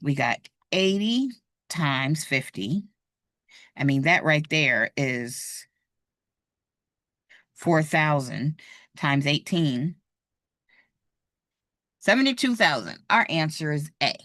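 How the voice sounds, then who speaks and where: A woman's voice: sits low, animated, slow, long pauses, fairly bright tone, no echo, clean studio sound. A woman teaching real estate exam math in a live online lesson, patient and encouraging as she works problems out aloud. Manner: patient, encouraging, thinks aloud while drawing.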